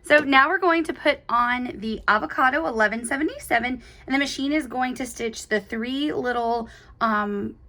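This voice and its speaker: A woman's voice: sits high, sharp tone. A woman hosting an embroidery tutorial, walking viewers through each step in a bubbly, chatty, gushing way. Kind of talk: step-by-step craft demonstration.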